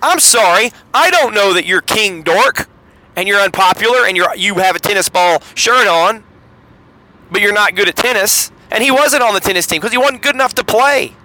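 Speaking at a moderate pace, a middle-aged Southeastern US podcast host delivers a sarcastic, wry monologue story, his pitch swinging lively throughout. The recording quality is low.

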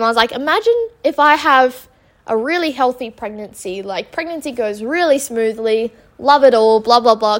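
A woman's voice: a little high, a bit bright. A young woman, hosting a solo podcast and retelling an argument in an exasperated, chatty way with lots of ums and likes. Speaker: podcast host.

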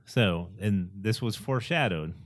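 Casual co-host, man, low voice, dry close sound, rambling and excited. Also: a little slow, no echo. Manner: enthusiastic, rambling, acts out quotes. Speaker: podcast co-host. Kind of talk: casual chat.

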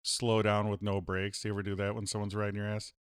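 A man's voice: lowish voice, monotone, fast talker, clear, resonant tone, no room sound, clean studio sound. Boastful joking male podcast host. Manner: mock-boastful, playful, breaks into loud silly voices. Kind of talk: casual comedic chat.

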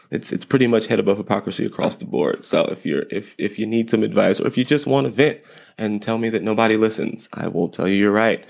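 Podcast host, a man in his thirties, low and gravelly, rambles through parenting advice with self-deprecating jokes. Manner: rambling, repeats words, light self-deprecating humor. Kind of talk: casual parenting advice monologue.

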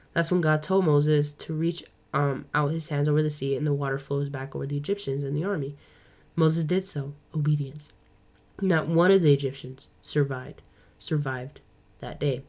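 A young woman hosting a podcast, talking through a Bible story in a casual, chatty way with quick asides. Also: low-pitched, warm tone. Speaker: podcast host.

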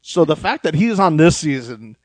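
A man's voice: a little high, very animated, moderate pace, no room sound, low-quality recording. A man co-hosting a casual podcast, chatty and gossipy, often acting out what others say. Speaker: podcast co-host. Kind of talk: casual chat about reality TV.

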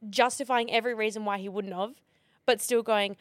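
A woman's voice: medium pitch, fairly quick, no echo. A young woman in her twenties co-hosting a casual podcast, telling a story with lots of fillers. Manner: animated storytelling with many fillers. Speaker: podcast co-host. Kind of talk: casual chat.

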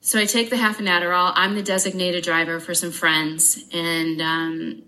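A woman's voice: on the low side, low-quality recording. A woman guest giving a candid personal account in an interview, frank and blunt, swearing freely, with wry humor. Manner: brisk, animated retelling with wry humor.

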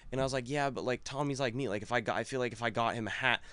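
Young man, fast talker, smooth clear voice, rambling casual chat. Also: mid-range voice, fairly bright tone, no echo. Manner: rambling, full of fillers and acted-out quotes.

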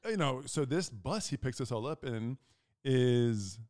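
A young man co-hosting a casual chat, telling a long story and acting out the quotes with big jumps in pitch. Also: animated, unhurried, a little mellow. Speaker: podcast co-host.

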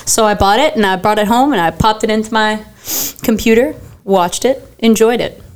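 A woman's voice: mid-range voice, moderate pace. A woman co-hosting a casual movie podcast, chatty and telling stories with lots of fillers. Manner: chatty, animated storytelling, filler likes. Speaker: podcast co-host. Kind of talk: casual chat.

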